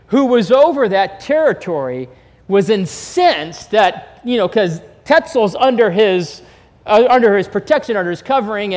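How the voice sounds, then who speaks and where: A male pastor with a fairly high voice preaches in a casual, storytelling way. He throws rhetorical questions at the room. His words ring out with a long reverb, as in a large church hall. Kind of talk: sermon.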